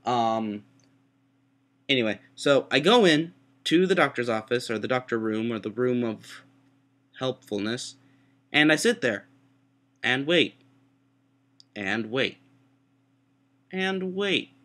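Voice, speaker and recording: A young man who is sick with a sore throat tells a rambling, self-mocking story into his webcam, breaking into high-pitched voices for quotes. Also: expressive, slow pace, long pauses, fairly bright tone. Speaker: vlogger. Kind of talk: casual storytelling.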